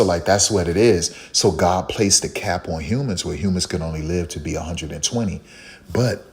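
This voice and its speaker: A man's voice: deep voice, a bit bright. A man talking in a casual, preachy monologue, repeating phrases and firing rhetorical questions. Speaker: online commentator.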